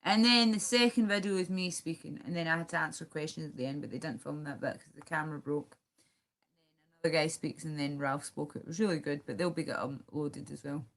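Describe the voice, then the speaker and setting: A woman's voice: low-pitched, steady tone, brisk. A young woman hosting a casual livestream, rambling as she reads viewer comments aloud and answers them. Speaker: livestream host.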